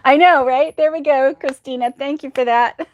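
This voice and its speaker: A woman's voice: sits high, fairly even intonation, moderate pace, lo-fi sound, a little hiss or hum. A woman hosting a casual crochet livestream, telling corny jokes, laughing at her own puns and reading out viewer comments.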